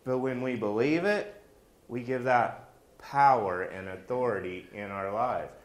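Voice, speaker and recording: A man's voice: mid-range voice, unhurried, reverberant. A man preaching a sermon in a folksy, joking way, weaving personal stories into his message.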